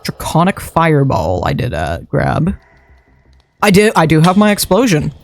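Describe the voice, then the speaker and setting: A man's voice: a little high, huge pitch swings, moderate pace, creaky, dry recording. Chatty man streaming a game. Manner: chatty, muttering thoughts aloud while playing. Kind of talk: live game-stream commentary. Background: faint background music.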